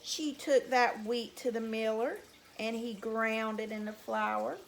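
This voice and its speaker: A woman telling a folk tale to young children at story time, in a slow, sing-song, animated way. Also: fairly high pitch, vocal fry, slight background noise. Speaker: teacher reading to children.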